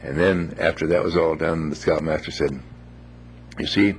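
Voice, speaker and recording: A man telling a moral story in a gentle, unhurried, folksy way, with homely phrases. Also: very deep voice, little pitch movement, slight background noise.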